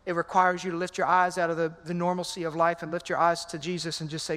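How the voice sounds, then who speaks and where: A male pastor giving a lively, conversational sermon, calling out to the congregation in a large church sanctuary. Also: fairly high pitch, fast, hardly any pauses. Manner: energetic, conversational, calls out to the congregation. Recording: long hall reverb in a church.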